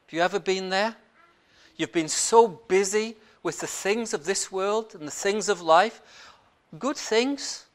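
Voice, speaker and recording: Slow preacher telling a bible story, loud then soft, mid pitch. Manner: storytelling, swings from loud to hushed. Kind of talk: sermon.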